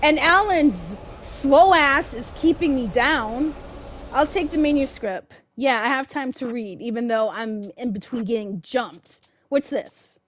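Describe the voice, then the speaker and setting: A woman's voice: high voice, measured pace, a little hiss or hum. A woman streaming gameplay, talking back to the game in casual slang, exasperated and swearing as she plays. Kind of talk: live gameplay commentary.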